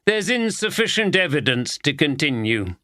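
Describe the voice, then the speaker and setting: A sleazy, smug police officer who drags out his leering remarks, as a man reads him aloud. The voice is pitched a bit above the narrator's, in a dry close recording. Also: very animated, normal speed, bright, forceful tone, no room sound.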